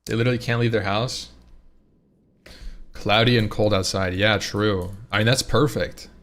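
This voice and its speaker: A man's voice: lowish voice, fairly even intonation, normal speed, a bit bright. A man streaming live, chatting casually and rambling with his viewers, often repeating and restarting his words.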